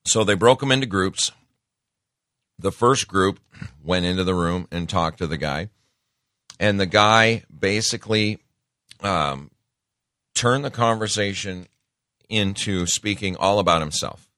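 A man's voice: deep voice, a little slow, long pauses, pushed and bright, no echo, clean studio sound. A man giving a casual, conversational sermon, folksy, with many fillers and asides.

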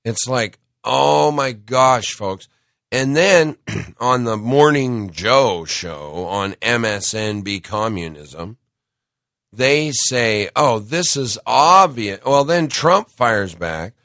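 A middle-aged man hosting a talk show monologue, talking slowly and heavily with an indignant, emphatic edge. He has a cold and keeps clearing his throat. The recording is dry and close. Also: mid-range voice, expressive, fairly bright tone, no room sound. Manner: indignant, emphatic, addresses listeners as folks. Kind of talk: opinionated monologue.

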